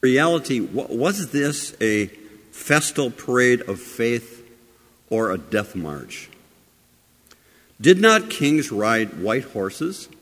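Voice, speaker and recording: A man preaching a sermon with many rhetorical questions, moving between loud emphasis and quiet asides. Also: medium pitch, very animated, slow. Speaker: pastor. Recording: long hall reverb.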